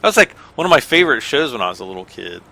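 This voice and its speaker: A man's voice: medium pitch, big pitch swings, very fast, creaky, bright, forceful tone. A middle-aged American man giving casual, rambling gameplay commentary, self-deprecating and chuckling often. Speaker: gaming channel host.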